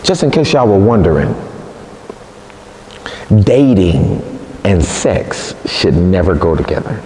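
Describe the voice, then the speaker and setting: Animated man preaching in an echoey hall. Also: low voice, takes it slowly. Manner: animated, humorous, conversational preaching. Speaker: evangelist preacher. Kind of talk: sermon. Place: church. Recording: echoey church hall, faint ambience.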